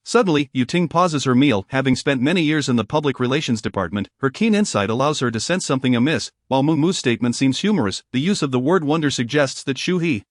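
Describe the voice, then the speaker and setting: A man narrating a romance novel in a steady, even reading voice, voicing all the characters himself. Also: medium pitch, fast, hardly any pauses, no room sound, studio quality. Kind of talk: scripted audiobook narration.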